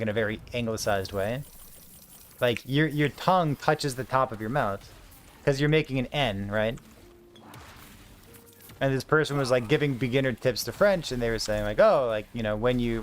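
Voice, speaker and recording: Rambling casual male streamer. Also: mid-range voice. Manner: rambling, filler-heavy storytelling. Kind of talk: casual gaming stream chat.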